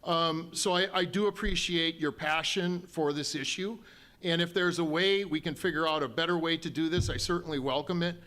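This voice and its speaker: A man's voice: on the high side, steady tone, moderate pace, bright, forceful tone. A man, a county official answering questions at a town hall in a folksy, conciliatory way with frequent ums and restarts. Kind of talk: public town hall remarks.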